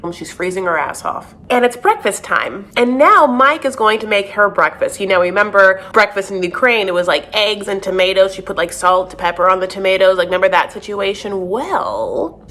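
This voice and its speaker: A woman's voice: mid-range voice, a bit bright. A woman giving casual recap commentary on a reality show in a sassy, gossipy way, often calling listeners "honey".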